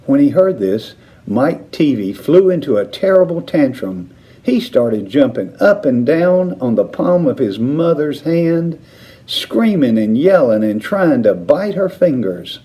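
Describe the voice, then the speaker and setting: A man reading a children's novel aloud, narrating with expressive intonation. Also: a little high, unhurried. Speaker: reader. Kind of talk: storybook read-aloud narration.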